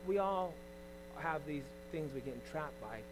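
A middle-aged pastor preaching, swinging from loud emphasis to quiet, confiding asides. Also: male voice, on the high side, animated, unhurried, noisy background. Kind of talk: sermon.

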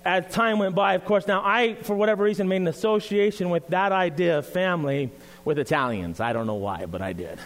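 Male preacher, high voice, earnest and conversational, sermon in church. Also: a little fast. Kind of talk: sermon with scripture reading and prayer.

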